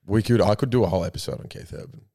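Here a young Australian co-host with a mellow, lowish voice races through rambling stories on a podcast. It's casual chat, peppered with profanity and laughs.

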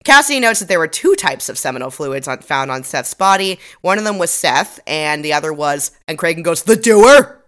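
Young female podcast co-host, low pitch, bright tone, chatty and self-deprecating. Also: lively intonation, fairly quick, few pauses. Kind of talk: casual recap chat.

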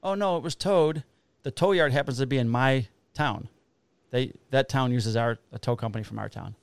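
A man, a police officer co-hosting a podcast, telling a story in a casual, animated way with a lot of swearing. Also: mid-range voice, fairly quick, creaky, no room sound. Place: Illinois.

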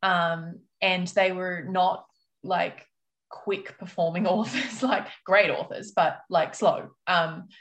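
A woman's voice: lowish voice, fairly even intonation, slow. A woman author losing her voice to a cold, telling her story in a frank, rambling way with many fillers. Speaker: author guest. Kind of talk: casual storytelling answer.

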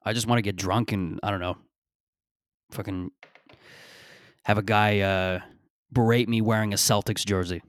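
A man around thirty rambles through a casual solo podcast, sarcastic and full of cussing. His voice sits in a middling pitch. The recording is close and dry, with no room sound. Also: steady tone, normal speed, pauses often, clear, resonant tone, no echo. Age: 30s. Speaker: podcast host.

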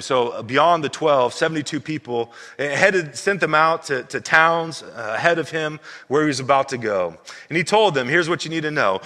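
Pastor guy preaching, bright forceful voice, lots of repeats, echoey church hall. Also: fairly high pitch, lively intonation, normal speed. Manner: emphatic, repeats words, acts out quoted voices. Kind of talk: sermon.

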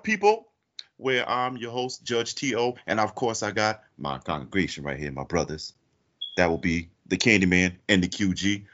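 A man hosting a podcast comedy segment as a mock judge, playful and theatrical, jumping high for emphasis. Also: big pitch swings, moderate pace, bright, forceful tone. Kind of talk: animated casual banter, mock courtroom bit. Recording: dull lo-fi audio.

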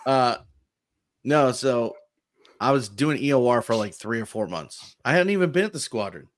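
A man's voice: mid-range voice, animated, normal speed. A man co-hosting a casual chat among military veterans, joking, swearing and laughing often. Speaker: podcast co-host.

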